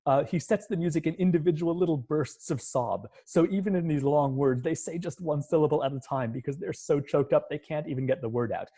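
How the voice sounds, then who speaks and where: A man's voice: a little high, brisk, hardly any pauses, warm tone, husky. A man, a music professor, giving an online lecture and explaining scenes step by step, at times humming the musical lines. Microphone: computer mic on a video call.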